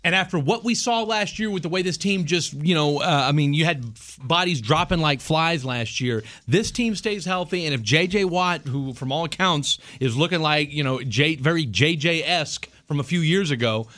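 Animated rambling male sports radio host. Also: a little high, normal speed, hardly any pauses. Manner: animated, rambling, many restarts.

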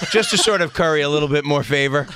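A man from the Boston area sits in a radio studio as a guest musician and tells his stories with animated energy. His voice is bright and a little forceful, and he breaks into laughs and mimics people as he goes. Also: fairly high pitch, brisk, slight background noise. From Boston area, Massachusetts. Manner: animated storyteller, laughing often and acting out voices. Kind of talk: casual radio interview.

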